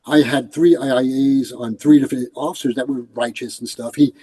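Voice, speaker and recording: A man's voice: mid-range voice, fairly quick, breathy edge, low-quality recording. An older man from New York, a retired police commander, telling stories in a casual interview and acting out the voices of the people in them. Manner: animated, acts out quoted voices.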